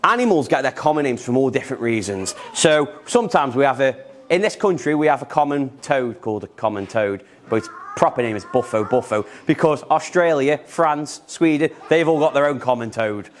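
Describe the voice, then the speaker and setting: A man's voice: medium pitch, expressive, brisk. A young man giving an enthusiastic, repetitive live talk about snakes while handling animals in a museum room. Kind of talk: live educational talk to children.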